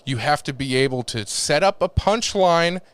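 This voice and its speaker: A man's voice: fairly high pitch, expressive, normal speed, fairly bright tone, clear, resonant tone, no echo. A man who is a comedian, telling rambling stories in a casual podcast chat, swearing often and restarting his sentences.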